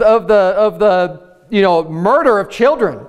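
A U.S. pastor with a high, expressive voice preaches a little slowly, his passion tripping him into restarted phrases and repeated words as he presses his point.

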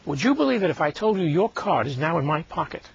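A man's voice: a little high, big pitch swings, fast, gravelly, slightly rough, dull audio. An older man performing comedic magic patter as a magician, a wisecracking, chatty showman.

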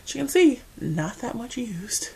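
A woman from the Mid-Atlantic United States with an American accent, chatting casually to camera as a beauty vlogger, animated and full of asides. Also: on the high side, unhurried, gravelly, slightly rough.

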